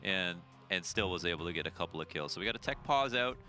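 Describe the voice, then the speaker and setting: A man's voice: low voice, expressive, fast talker, pushed and bright, soft background music. A man doing play-by-play esports commentary, trading dry quips and rising for the action calls. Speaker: esports caster. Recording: noisy broadcast feed.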